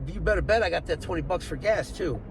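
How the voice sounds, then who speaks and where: A man's voice: a little high, animated, fast. A man telling a story to his phone camera from his car, swearing and sounding exasperated, with street noise behind. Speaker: vlogger. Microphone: phone camera mounted in car.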